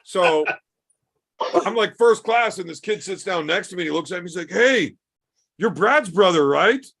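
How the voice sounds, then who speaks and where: A man's voice: high-pitched, brisk, vocal fry, a bit bright. A young adult man casually telling crude stories from his school days, swearing freely in a laid-back way. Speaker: podcast host. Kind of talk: casual storytelling chat.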